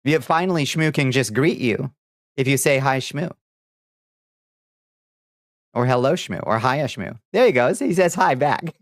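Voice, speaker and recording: A man's voice: mid-range voice, expressive, measured pace, pauses often, dry recording, clean studio sound. A man streaming live, chatting casually with viewers, laughing often and swearing offhandedly. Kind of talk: casual livestream chat.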